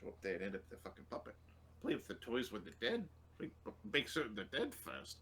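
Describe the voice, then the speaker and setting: A man's voice: lowish voice, wildly swooping pitch, a little fast, a bit bright, husky. A man playing in a tabletop game, making wry, joking remarks in casual chat. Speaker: player.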